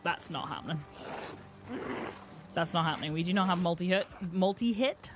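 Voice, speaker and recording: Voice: mid-range voice, moderate pace, a bit bright, slight background noise. A streamer from the UK giving wry, muttering running commentary while playing a game. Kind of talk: casual gameplay commentary.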